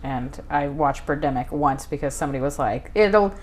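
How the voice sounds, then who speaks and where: A woman's voice: very deep voice, flat delivery, brisk. A woman co-hosting a podcast in casual chat, making wry, teasing asides. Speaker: podcast co-host.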